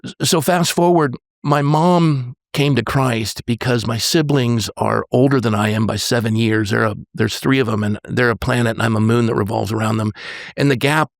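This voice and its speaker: A man in his sixties, a pastor, telling a personal story on a podcast in an earnest, halting way, often restarting and quoting dialogue. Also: mid-range voice, vocal fry, no room sound, studio quality.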